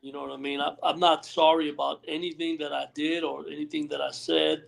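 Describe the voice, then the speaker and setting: A man's voice, a touch higher than usual and rough with gravel, tells long backstage stories on a live stream call. He rambles, acts out other people's lines, and checks in with "you know what I mean" again and again. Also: little pitch movement, brisk. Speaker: retired pro wrestler, guest. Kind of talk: storytelling interview. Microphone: remote live stream call.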